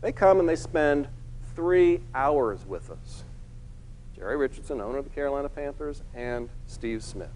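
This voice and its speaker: A man's voice: medium pitch, normal speed, slight background noise, low-quality recording. A middle-aged man giving a keynote talk, telling a personal story and acting out the people in it. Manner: animated, acts out the people in his story. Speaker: keynote speaker.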